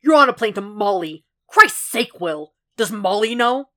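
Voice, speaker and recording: A woman reading a podfic plays an enraged middle-aged male FBI chief who swears and snarls at full volume, the voice pushed high and hard with anger. He bellows more than he speaks, each outburst cut short and loud. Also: moderate pace. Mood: furious.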